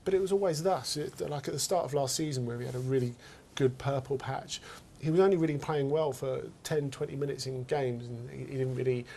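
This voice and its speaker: Man, football pundit, mid-pitched, hesitant, repeats words, faint low rumble behind. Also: fairly even intonation, a little fast, gravelly, warm tone. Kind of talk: casual studio discussion.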